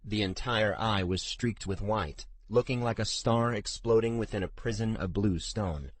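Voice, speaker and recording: A man with a very low voice reads a fantasy audiobook in a measured, steady way. The recording is dry and close, with no room sound. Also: dry recording. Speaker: audiobook narrator. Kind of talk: scripted fantasy narration.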